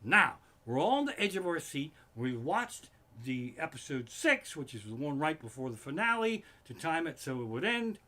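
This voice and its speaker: A man hosting a comedy livestream from his living room, telling a profane story that keeps flaring into loud, swearing outbursts. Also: fairly high pitch, very animated, moderate pace, hardly any pauses.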